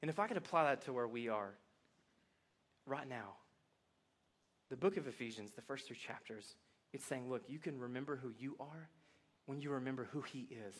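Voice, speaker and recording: Male pastor, folksy, animated sermon delivery. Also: moderate pace. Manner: animated, swings from soft reflective lows to loud excited highs; folksy, addresses congregation as y'all. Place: church sanctuary.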